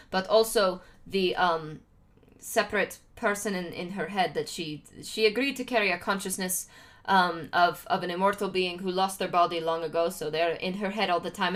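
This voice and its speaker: Her voice sits fairly low with a fairly bright tone. She's a young woman from Utah in the United States, casually talking to her stream viewers, meandering with lots of fillers and restarts and laughing often.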